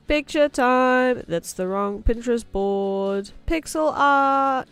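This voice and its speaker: A young woman chats casually on a livestream while she works on a drawing. She talks in an unhurried way, thinks aloud and likes to repeat a word just for fun. Soft music plays quietly in the background. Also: mid-range voice. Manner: muses aloud, playfully repeats words. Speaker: streamer.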